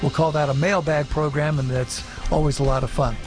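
Brisk male radio host over faint music. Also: a little high, steady tone. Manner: friendly and brisk, with short affirmations. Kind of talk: radio hosting, reading emails.

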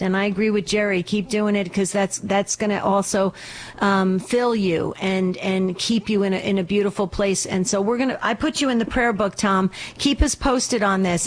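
A woman's voice: mid-range voice, a little hiss or hum. A woman co-hosting a call-in religious radio show, giving reassuring, encouraging counsel to callers.

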